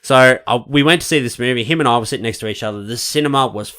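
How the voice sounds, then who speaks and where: A man co-hosting a podcast, telling stories in an animated way, acting out quotes and swearing freely. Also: medium pitch, fast talker. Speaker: podcast co-host. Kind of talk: casual chat, storytelling.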